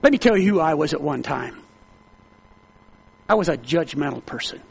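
A man preaching a sermon to a congregation, calling for amens, swinging between loud high exhortation and low hushed storytelling. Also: animated, moderate pace, vocal fry, husky. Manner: calls for amens, reads aloud to the congregation.

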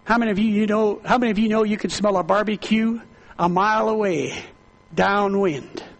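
Fervent male preacher, very high gravelly voice, builds his sermon with repetition and rising shouts. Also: brisk, low-quality recording.

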